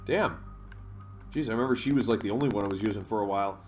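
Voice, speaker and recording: A man's voice: fairly low pitch, fast talker, faint music behind. A man giving casual gameplay commentary, rambling, swearing and laughing often, reading menu options aloud. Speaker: let's play host.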